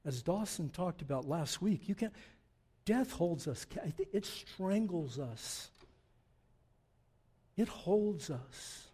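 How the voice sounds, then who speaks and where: Mellow-voiced preacher in his sixties. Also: high voice, expressive, slow pace, pauses often, husky. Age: 60s. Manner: swings from loud emphatic declarations to quiet reflective asides. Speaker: pastor. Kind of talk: sermon.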